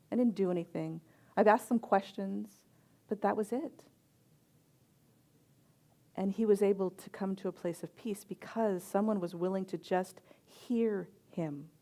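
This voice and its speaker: A middle-aged woman who serves as a reverend and chaplain gives a sermon woven with personal stories. Her mid-range voice is gentle and reflective, marked by soft pauses.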